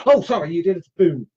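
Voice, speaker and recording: A man's voice: fairly high pitch, warm tone, breathy edge, dull audio. A middle-aged man hosting a casual live stream, joking and greeting viewers by name. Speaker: livestream host.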